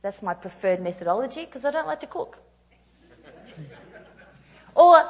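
Female preacher, 30s, higher register, animated, self-mocking storyteller; lo-fi recording. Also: unhurried. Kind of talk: storytelling sermon.

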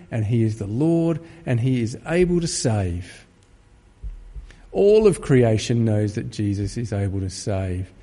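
A pastor preaching a sermon to an empty church, rising to fervent, pleading peaks. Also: male voice, mid-range voice, mellow. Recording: long reverb of an empty church.

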